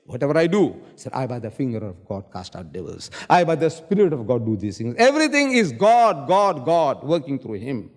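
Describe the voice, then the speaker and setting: A man's voice: medium pitch, very animated, a little fast, few pauses, darkish tone, in a large hall. A man arguing in a public debate, quoting scripture and hammering his points with repeated words. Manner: emphatic, quotes scripture, repeats key words. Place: lecture hall.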